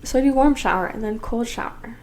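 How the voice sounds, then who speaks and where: A woman's voice: a little high, fairly quick, a little mellow. A young woman co-hosting a podcast, blunt and sarcastic, swearing freely in casual chat. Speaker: podcast co-host.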